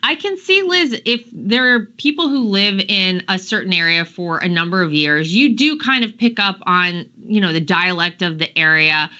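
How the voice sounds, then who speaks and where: A woman's voice: medium pitch, animated, normal speed, hardly any pauses, bright, forceful tone, lo-fi sound. A woman hosting a casual panel talk show, chatty and incredulous, often trailing off.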